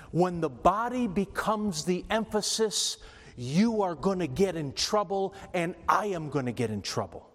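A man's voice: high voice, lively intonation, unhurried. A man preaching a sermon, emphatic and repetitive, often restarting his phrases. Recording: long reverb from a hall.

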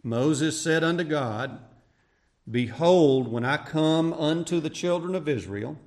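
A male pastor preaching a sermon, swinging between raised, emphatic cries and hushed, quiet passages. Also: a little high, lively intonation, slow. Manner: preaching with rising shouts and hushed drops.

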